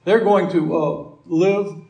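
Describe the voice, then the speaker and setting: Gravelly preacher in an echoey room. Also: male voice, high-pitched, slow pace, darkish tone. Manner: conversational preaching with asides and restarts. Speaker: pastor. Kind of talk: sermon.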